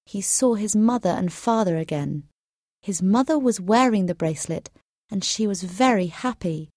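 Slow, low-pitched woman narrating a storybook. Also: dark tone, no room sound, studio quality. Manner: slow, clear, deliberate reading. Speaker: audiobook narrator.

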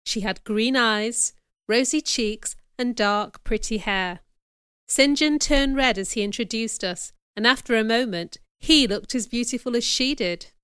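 A woman reading a first-person audiobook chapter as narrator, in clear, measured storytelling. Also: a little high, a bit bright, dry recording, clean studio sound.

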